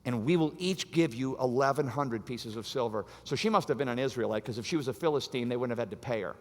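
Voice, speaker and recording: A man preaching a sermon as pastor, animated and acting out the voices of the story. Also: mid-range voice, fast talker. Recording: long hall reverb.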